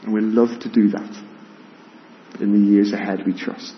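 A man's voice: lowish voice, little pitch movement, moderate pace, lo-fi sound, slight background noise. A man preaching a sermon as pastor, earnest, often repeating words as he starts a phrase. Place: church, with rain heard outside.

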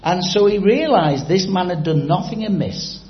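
A man's voice: sits high, expressive, normal speed, reverberant, dull audio. A man preaching a sermon, telling a story and quizzing the congregation directly.

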